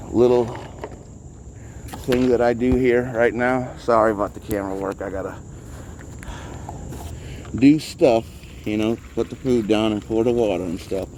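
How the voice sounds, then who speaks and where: Slightly breathless, a street-cat vlogger rambles in casual narration while filming the cats outside on a handheld phone. He has a mid-range voice with a darkish tone, and a little hiss or hum sits in the audio.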